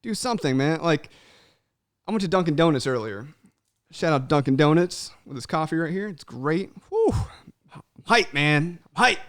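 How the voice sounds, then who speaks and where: A young man hosts a casual podcast, his fairly high voice swinging all over the place as he talks. He swears freely and tags "man" onto his sentences. The sound is dry, with no room around it. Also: moderate pace, no room sound. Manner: animated, swears freely, says "man" a lot. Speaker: podcast host. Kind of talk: casual chat.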